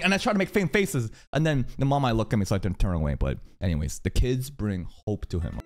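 A man's voice: a little high, quick pace, hardly any pauses. A man reacting to an anime episode in casual commentary, swearing freely and drifting into long rambling stories. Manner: profane, rambling tangents, animated storytelling.

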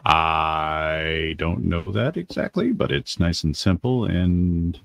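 A male player chats with the group in a very low, gravelly voice. He speaks in short, dry replies, close and without room sound. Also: slow pace, a bit bright, no room sound. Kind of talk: casual chat while planning a tabletop game.

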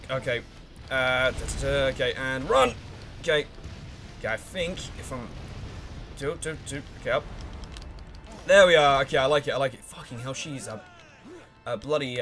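Narrating his own gameplay for a let's play, this man gets excited, curses without restraint, hums while thinking things over, and yells at the characters on screen. His voice is mid-range.

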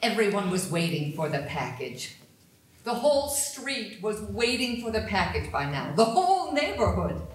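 A woman's voice: fairly low pitch, a bit bright. An actress playing a woman of the family, speaking in a rhythmic, dramatic way with sudden outbursts, recorded far away in a very echoey theater. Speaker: actor in a staged play reading. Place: theater stage. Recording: very echoey hall, mic far off.

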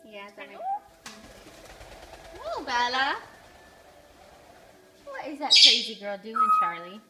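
A woman's voice: high voice, huge pitch swings, slow pace, heavy background noise. A woman talking to her pets at home in cooing, sing-song baby talk. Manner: sing-song and affectionate toward animals. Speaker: pet owner vlogger.

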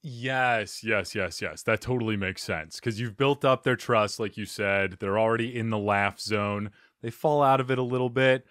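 A man's voice: on the low side, normal speed, hardly any pauses, fairly bright tone, no room sound, clean studio sound. A man hosting a podcast interview, chatty and self-deprecating, joking with his guest. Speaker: podcast host. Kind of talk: casual interview chat.

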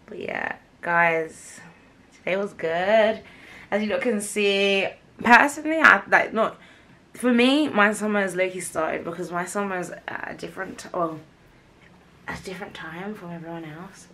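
A young woman, slightly hoarse, chatting casually to camera in a rambling way full of fillers and slang. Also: mid-range voice, unhurried, a bit bright. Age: young adult. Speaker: vlogger. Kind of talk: casual vlog chat to camera.

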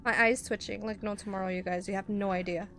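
A woman's voice: mid-range voice, flat delivery, quick pace, fairly bright tone, faint music behind. A woman commentating a horror video game as she plays, jumpy and chatty, talking both to the game and to her viewers. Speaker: gaming streamer.

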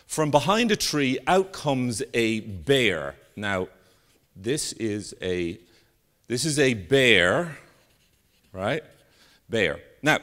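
Lively, slow-paced male keynote speaker. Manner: animated storyteller, sweeping pitch for emphasis. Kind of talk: live keynote talk with jokes and stories. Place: conference stage with an audience.

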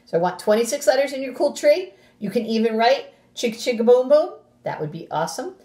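Her voice is on the high side and fast as this woman teacher animatedly reads a picture book to young children, gasping and making playful sound effects, then instructs the class. The recording has a roomy echo.

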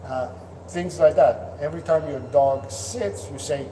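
A man's voice: fairly high pitch, unhurried. A man who trains dogs, giving earnest coaching advice to the camera, with frequent restarts and fillers. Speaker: dog trainer. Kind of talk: instructional talk to camera. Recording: echoey room, distant mic, faint noise.

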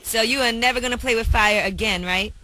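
A woman's voice: on the high side, fairly quick, bright, forceful tone, rough recording. A woman co-hosting morning radio, playful and scolding with the others in a studio. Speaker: radio co-host. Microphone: studio microphone.

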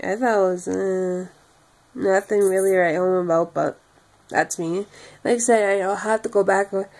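A young woman vlogger, tired and talking in a monotone full of fillers as she wraps up her video. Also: medium pitch, normal speed. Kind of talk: casual vlog sign-off.

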